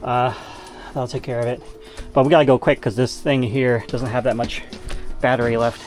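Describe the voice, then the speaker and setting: A man talks casually while he cleans a camper van, rambling and correcting himself as he goes. He sounds a little out of breath, and his voice sits at an ordinary middle pitch. Faint music plays underneath. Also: steady tone, moderate pace, a little mellow. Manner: chatty, rambling with fillers and self-corrections. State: slightly out of breath from working. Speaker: vlogger. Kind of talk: casual narration while working.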